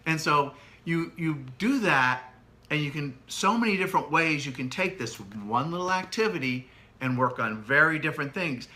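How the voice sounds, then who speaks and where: A middle-aged man co-hosting a casual parenting chat, animated and demonstrative as he explains. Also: a little high, normal speed. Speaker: co-host, parent.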